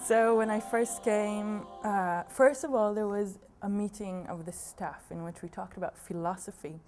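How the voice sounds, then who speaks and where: A woman from Israel, a dance teacher, speaking in a documentary interview, thoughtful and quick to laugh. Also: mid-range voice, steady tone, music in the background. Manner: slow, thoughtful, laughing often.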